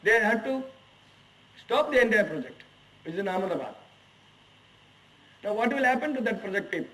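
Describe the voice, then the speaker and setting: A man in his forties with an Indian English accent, an HR executive, gives a guest lecture to management students in an institute's lecture hall, firing emphatic rhetorical questions at them. His voice is high-pitched, animated, bright and forceful at normal speed, but the distant mic makes the audio poor.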